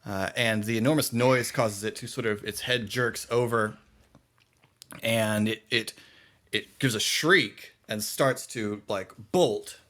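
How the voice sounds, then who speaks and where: A man narrating a tabletop game as game master, halting and full of fillers as he describes the scene. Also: lowish voice, sharp tone.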